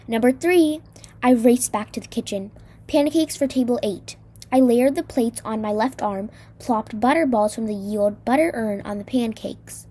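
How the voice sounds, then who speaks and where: Woman reading a story out loud, lively, acts out the dialogue, kinda husky. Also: a little high. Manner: expressive, voices dialogue with shifts in tone. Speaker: reader. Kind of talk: dramatic reading of a novel.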